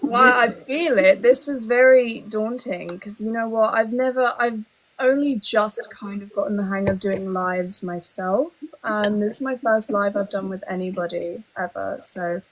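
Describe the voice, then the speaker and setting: A woman's voice: medium pitch, steady tone, a little slow, rough recording. An English woman chatting as a guest on a live stream, polite and self-deprecating, with hesitant ums. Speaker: cosplay panel guest. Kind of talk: casual live-stream chat.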